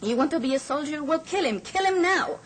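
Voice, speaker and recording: A cruel male militia commander who barks harsh orders in a raised, strained voice, as a woman reads him out. He sounds loud and pushy, and his words cut hard. A faint hiss sits under it. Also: a little high, expressive, a little slow, pitched above the performer's own voice. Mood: harsh, commanding.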